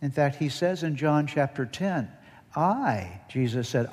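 A man's voice: on the high side, animated, a little slow, a little mellow, big-room sound. A man preaching a sermon as pastor, leading the congregation in call-and-response and growing more intense as he goes.

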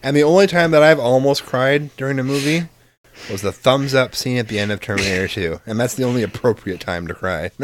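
A man co-hosting a casual conversation, a relaxed storyteller who swears casually. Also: medium pitch, fairly quick, dry recording. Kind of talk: casual chat.

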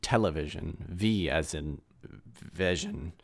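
A man co-hosting a casual chat, musing and relaxed, with lots of filler words. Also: deep voice, slow pace, creaky, a little hiss or hum. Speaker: podcast co-host.

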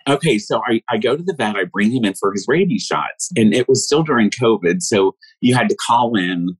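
A man's voice: medium pitch, expressive, a little fast, slightly rough, poor audio. A man, a guest, telling a personal story casually, rambling with restarts and frequent laughter.

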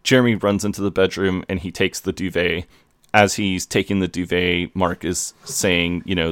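A man's voice: low-pitched, fairly even intonation, normal speed, a bit bright, clean tone, no room sound, studio quality. A man co-hosting a podcast, casually narrating a TV episode's plot step by step and quoting the characters. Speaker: podcast co-host. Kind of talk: casual chat recapping a TV episode.

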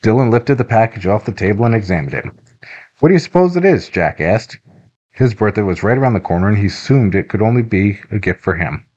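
A man narrating a children's adventure audiobook in a steady, even reading. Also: fairly low pitch, brisk, lo-fi sound. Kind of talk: scripted narration.

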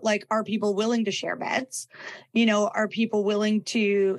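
Woman, podcast co-host, casual chat, lively, acts out quotes. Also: mid-range voice.

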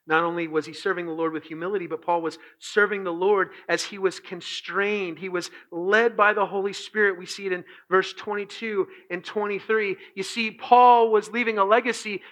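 A man preaching a sermon as pastor, moving between hushed, slowed passages and loud, impassioned ones. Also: high voice, poor audio.

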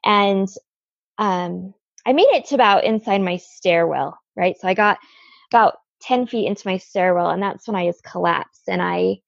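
A woman's voice: medium pitch, moderate pace, creaky, no echo. A woman in her thirties, a podcast guest, earnestly telling a personal story and often checking in with "right?". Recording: dull lo-fi dry audio.

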